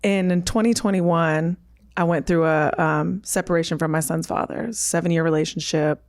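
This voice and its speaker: A woman's voice: fairly low pitch, steady tone, moderate pace. A woman in her thirties, a podcast guest, telling a personal story vividly and acting out the dialogue she quotes.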